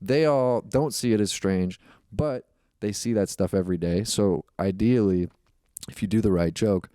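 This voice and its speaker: Low-voiced comedian guy rambling thru a story, mellow tone, dry close sound. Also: normal speed, no room sound. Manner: rambling, reflective storytelling with many fillers. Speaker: comedian guest. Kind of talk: casual podcast chat.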